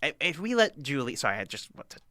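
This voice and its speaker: A man's voice: medium pitch, big pitch swings, fast, pushed and bright, no echo, clean studio sound, pitched above the performer's own voice. A man voicing a fussy, hesitant male aide who calculates odds, in a tabletop game. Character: nervous male number-cruncher aide, fussy and precise.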